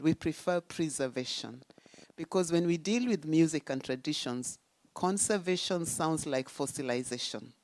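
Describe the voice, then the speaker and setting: A woman speaking at a symposium, giving a deliberate academic talk with emphatic points and rhetorical questions. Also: sits low, a little mellow, dry recording. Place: conference venue.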